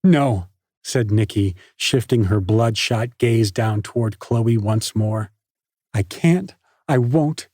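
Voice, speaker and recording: A man voicing a grieving teenage girl who screams in fury, high and raw. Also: takes it slowly, darkish tone, dry recording, clean studio sound. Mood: bitter defiant. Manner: screaming, high-pitched, spitting rage.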